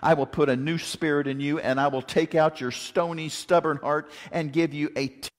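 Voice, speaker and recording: A man preaching a sermon in a folksy, joking, animated way, mixing stories with scripture. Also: a little high, moderate pace. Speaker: pastor. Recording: long hall reverb.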